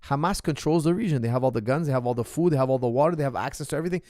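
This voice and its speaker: Male coach-host, impassioned emphatic monologue, middling pitch, dry recording. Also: rapid-fire, dry recording. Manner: emphatic, repetitive, rising to forceful outbursts. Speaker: martial arts coach hosting a Q&A.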